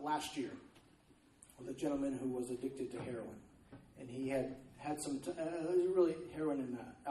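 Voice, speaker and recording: A man's voice: on the high side, mellow, roomy sound, distant mic, slight background noise, low-quality recording. A man preaching a sermon in a loose, conversational way, often stopping to check in with his listeners. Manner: conversational, repeats "okay?" to check in. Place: church.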